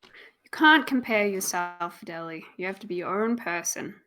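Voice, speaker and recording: Australian woman, casual streamer co-host, bright and giggly. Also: medium pitch, animated, normal speed. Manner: chatty, reads chat aloud, giggly. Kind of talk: casual live-stream chat.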